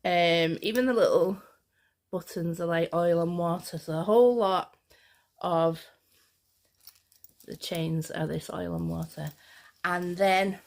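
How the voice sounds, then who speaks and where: A woman chats excitedly to camera as a fashion vlogger, her story wandering as she goes. Her voice sits on the low side and has a gravelly, creaky edge. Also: slow, long pauses. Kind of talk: casual chat.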